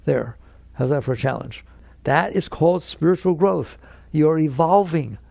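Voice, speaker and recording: A man with a gravelly, slightly high voice leads a spiritual lecture, leaning hard on repeated key words. He slips into little acted voices and chuckles as he explains. The sound is close and dry. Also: animated, moderate pace, a little mellow, no echo. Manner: acts out inner voices in quotes. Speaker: spiritual teacher.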